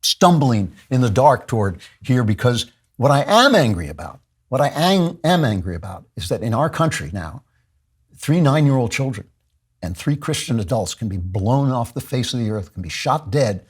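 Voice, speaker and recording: A man's voice: mid-range voice, very animated, normal speed, husky. A man hosting a podcast, delivering an impassioned monologue with fervent repetition and frequent restarts. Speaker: podcast host.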